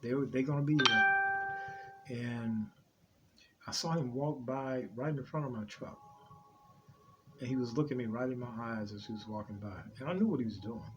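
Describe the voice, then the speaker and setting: A man's voice: mid-range voice, normal speed, long pauses, very noisy. A man, talking loosely about his dream visions, repeating himself often and restarting his sentences. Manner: rambling, repeats himself, many restarts and fillers. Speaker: preacher sharing dream visions. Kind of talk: unscripted religious talk. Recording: dull lo-fi audio with loud music underneath.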